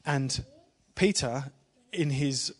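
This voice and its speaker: A man of middle pitch preaches to a live church congregation in an informal, conversational way. He keeps asking the room questions and adds small laughs. When he retells a story his voice goes soft and hushed. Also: extremely slow.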